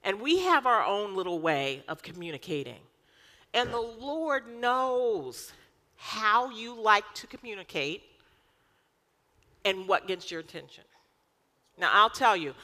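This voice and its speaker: Woman pastor, 40s, bright forceful voice, emphatic sermon delivery. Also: medium pitch, takes it slowly, big-room sound. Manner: lively, emphatic preaching with rhetorical questions.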